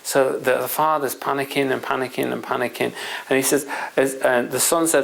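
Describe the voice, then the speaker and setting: Guy rambling through a story to make his point, gravelly voice, middling pitch, lots of asides. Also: fairly even intonation, a little fast, low-quality recording. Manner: rambling, anecdotal, many asides to the listener. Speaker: presenter. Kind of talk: explanatory storytelling talk.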